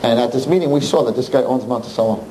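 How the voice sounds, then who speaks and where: A man, a rabbi, telling a story to an audience in an animated, emphatic way, often slipping into the voices of the people in it. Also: medium pitch, quick pace, slight background noise, rough recording.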